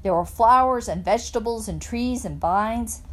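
A woman reading a children's novel aloud in a plain, steady narrating voice. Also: fairly high pitch, normal speed. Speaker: reader.

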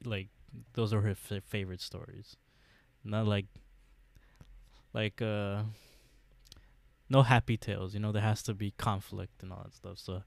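A man co-hosting a podcast, recapping a TV episode in a casual, halting way with lots of fillers and restarts. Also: fairly low pitch, vocal fry, dry recording. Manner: hesitant, many fillers, laughs often. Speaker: podcast co-host.

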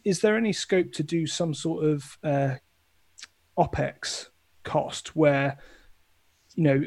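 A man's voice: a little high, a little mellow, no room sound. A man from England who owns a small company, asking questions in casual panel chat and filling gaps with "you know". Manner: searching, fills with "you know".

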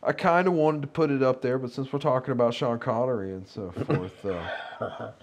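Casual male co-host, rambling and easily amused, laughs a lot, mid-pitched voice. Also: normal speed. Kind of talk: casual chat about movies.

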